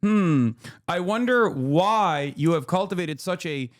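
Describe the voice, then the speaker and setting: A man chatting casually on a live stream with a slightly higher voice. He jokes around and laughs between his points, and his speech is loose and conversational. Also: lively intonation, takes it slowly. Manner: joking, laughs often.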